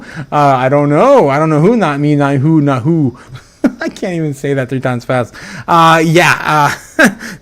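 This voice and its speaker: Giggly excitable male livestream host. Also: a little high. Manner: giggly and excitable, laughing often between lines; rambling with frequent fillers and repeats. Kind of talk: casual livestream chat reading super chats.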